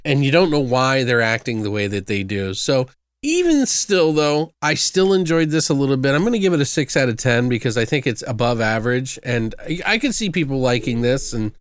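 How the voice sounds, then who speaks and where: A man's voice: medium pitch, very animated, brisk, clean tone. Rambling, profane young man reviewing movies. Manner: rambling, loose and profane, many fillers. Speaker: podcast co-host, movie reviewer. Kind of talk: casual movie review chat.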